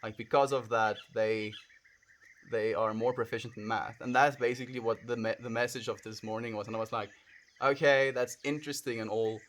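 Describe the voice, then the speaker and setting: A South African man chatting casually on a late-night livestream, rambling softly with many fillers and calling viewers friend. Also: on the low side, flat delivery, a little fast, slight background noise.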